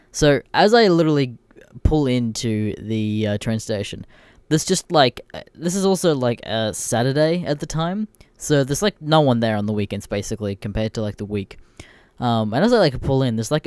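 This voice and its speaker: A man's voice: mid-range voice, a little mellow, no room sound. A man with an Australian accent hosting a podcast, telling stories in a blunt, irreverent way and swearing constantly. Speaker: podcast host. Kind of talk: casual ranting storytelling.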